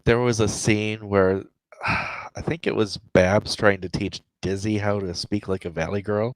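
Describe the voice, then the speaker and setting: Guy on a writing stream, bit low voice, joking around, dry sound. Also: steady tone, a little slow, no echo, poor audio. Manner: jokey storyteller, laughs while telling. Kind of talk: casual chat.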